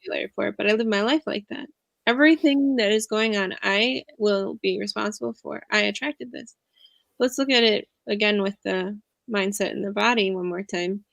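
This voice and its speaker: A woman in her thirties talks as an interview guest, earnest and reflective, with a confiding way of sharing. Her voice has a gravelly, fry-laden texture and sits in a middle register. It is recorded close and dry, as on a video call. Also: mid-range voice, fairly even intonation, brisk, a bit bright, dry recording. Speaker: guest speaker, empowerment coach. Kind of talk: casual interview conversation.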